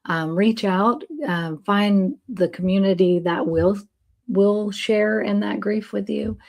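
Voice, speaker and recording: A woman hosting a podcast conversation, speaking in a gentle, reflective way with frequent pauses and ums. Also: medium pitch, steady tone, creaky. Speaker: host. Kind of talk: faith-based podcast conversation.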